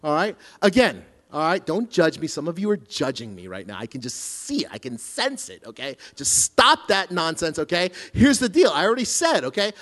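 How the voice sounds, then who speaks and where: A man's voice: fairly high pitch, big pitch swings, moderate pace, few pauses, a bit bright. A middle-aged man preaching a sermon, telling a self-deprecating story with lots of restarts and asides. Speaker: pastor.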